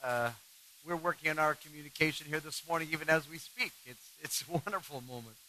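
A man giving a sermon-style talk on marriage, animated and self-mocking, laughing often. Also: fairly high pitch, fairly quick, slight background noise, rough recording. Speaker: marriage speaker.

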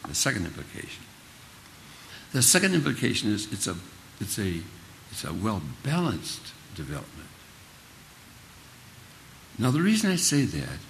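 A man's voice: fairly low pitch, gravelly, fairly bright tone, slight background noise. An older man preaching a sermon in a folksy, humorous storytelling manner.

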